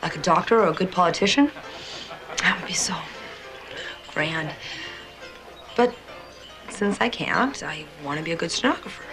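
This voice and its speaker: A coy young stenographer. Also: female voice, lowish voice, expressive, normal speed, pauses often. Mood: wistful. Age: young adult. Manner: teasing and coy. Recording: film scene with music behind.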